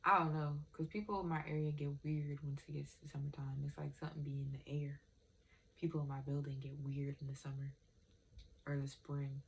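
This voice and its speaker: Young woman, low voice, rambling candid vlog chat, faint room hum. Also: level tone, a little fast, gravelly. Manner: candid, rambling, swears freely. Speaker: vlogger. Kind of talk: casual chat to camera.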